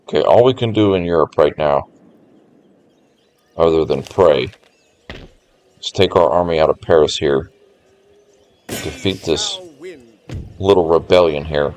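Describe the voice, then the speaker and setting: A man's voice: rumbling low, unhurried, pauses often, darkish tone, slight background noise. A man streaming a strategy game, thinking aloud and chatting casually to his viewers as he plans each move. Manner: thinks aloud, musing to chat. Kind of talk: casual gameplay commentary. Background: faint game music.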